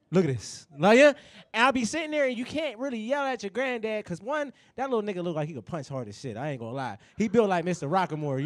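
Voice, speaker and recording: A young man performing a profane stand-up comedy set, talking straight to the crowd in an animated way on stage. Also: sits high.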